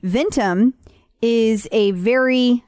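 A talkative woman co-hosting a podcast, her voice sitting a little high. She chats casually, laughing often and tossing in quick asides. The sound is dry and close, with no room echo. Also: a little mellow, smooth. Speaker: podcast co-host.

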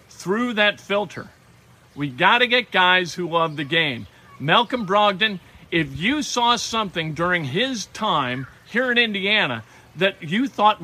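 High bright guy doing sports talk, opinionated, punchy. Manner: opinionated, emphatic, quick asides. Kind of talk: sports radio commentary.

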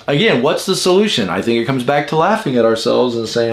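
A man's voice: mid-range voice, big pitch swings, a little fast, hardly any pauses. A man teaching the Enneagram in an informal, emphatic way, with many rhetorical questions to his viewers.

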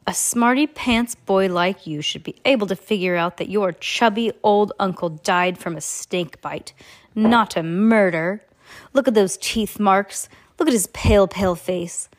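A woman's voice: mid-range voice, a little slow, lightly acted. A woman voicing a scheming, threatening adult male villain in a read-aloud storybook. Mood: sneering. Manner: sneering, threatening.

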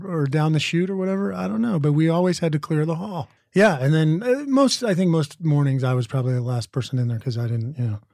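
Thoughtful actor from the Midwest. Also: male voice, on the high side, fast, creaky, hardly any pauses, darkish tone, no echo, clean studio sound. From American Midwest. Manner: thoughtful, hesitant, with restarts and asides. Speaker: actor guest. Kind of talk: interview conversation.

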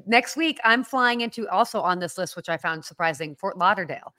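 Woman podcast co-host, animated and chatty, dry close sound. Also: on the low side, brisk, no echo. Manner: chatty, animated, laughs easily. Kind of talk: casual chat.

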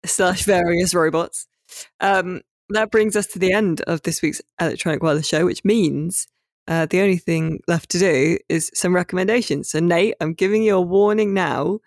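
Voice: medium pitch, normal speed, no echo, studio quality. A podcast host speaking in an easygoing way while wrapping up a segment and moving on to the next part of the show. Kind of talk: casual podcast hosting.

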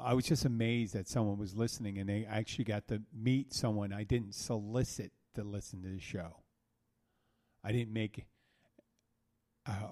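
A man's voice: on the low side, mellow. A man hosting a solo podcast, telling a rambling story that restarts and corrects itself as he talks. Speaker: podcast host, bartender. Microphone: soundboard mic.

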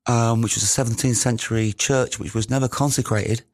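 A man, a musician, recounting studio stories in a rambling, casual way with many pauses. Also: medium pitch, steady tone, darkish tone, no room sound. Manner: rambling, many ums and restarts. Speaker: musician guest. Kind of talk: casual anecdotal storytelling.

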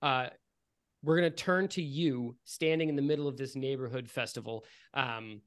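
A man's voice: mid-range voice, normal speed, clean tone. A man narrating a tabletop game as game master, in a casual, rambling way full of fillers.

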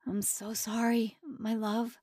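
A woman's voice: fairly high pitch, flat delivery, slow, warm tone, no echo, studio quality. A woman voicing a desperate young male prisoner who pleads and speaks tenderly to his bride.

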